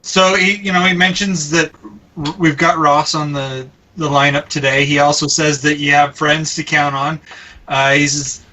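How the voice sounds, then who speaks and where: Podcast guy reading an email, slightly high voice, keeps stumbling and laughing, sounds off mic. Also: steady tone, sharp tone, distant mic, low-quality recording. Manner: halting, laughs often, stumbles over words. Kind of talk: casual podcast chat.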